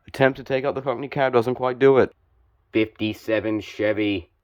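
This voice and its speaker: A young man giving play-by-play commentary on a toy car joust, calm and measured with sudden excited spikes on big hits. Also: medium pitch, clear, resonant tone, dull audio.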